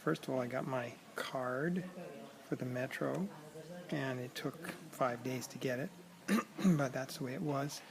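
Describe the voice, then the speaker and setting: A man recording a casual video diary in a busy public place, talking haltingly with many ums and clearing his throat, his voice cracking a little. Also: medium pitch, low-quality recording. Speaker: vlogger learning a language abroad. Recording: crowd noise behind.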